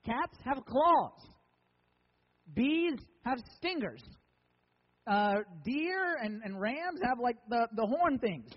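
A man's voice: very high voice, big pitch swings, slow, big-room sound, muffled recording. A man preaching as a pastor, conversational and joking with emphatic lines. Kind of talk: sermon.

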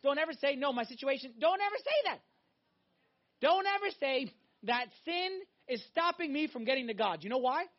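A man preaching a sermon, emphatic and animated, swinging between loud exhortation and hushed intensity. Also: very high-pitched, normal speed. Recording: dull lo-fi recording.

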